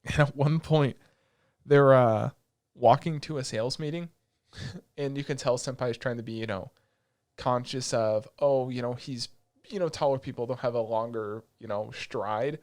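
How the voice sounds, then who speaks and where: Young man, podcast co-host, casual chat, animated, swears a lot. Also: medium pitch. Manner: animated, swears freely, quick asides. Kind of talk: casual anime review chat.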